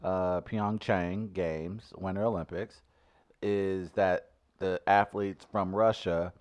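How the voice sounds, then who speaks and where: A man co-hosting a casual chat, reading news items and joking about them in loud bursts. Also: deep voice, steady tone, slow, dry recording, highs cut off. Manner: jokey, reads news then riffs with loud bursts. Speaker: co-host.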